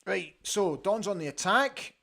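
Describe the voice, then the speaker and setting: A Scottish man with a slightly high voice calls a football match live from a studio. He reacts loudly to every attack and chats between the plays. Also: a little slow, vocal fry. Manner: excitable, reacts loudly to play, chatty asides. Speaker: host of a live football watch-along. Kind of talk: live match commentary with viewer comments.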